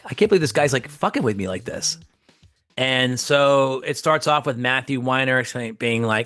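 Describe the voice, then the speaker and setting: A man's voice: mid-range voice, moderate pace, faint music behind. A man telling a casual anecdote, acting out the people in it. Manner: animated, acts out quoted voices. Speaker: guest actor telling a story.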